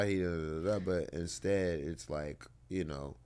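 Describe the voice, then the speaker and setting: Laid-back man with a low voice. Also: normal speed, darkish tone, smooth. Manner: laid-back, drawling, swears freely. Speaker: interview guest. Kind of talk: casual storytelling.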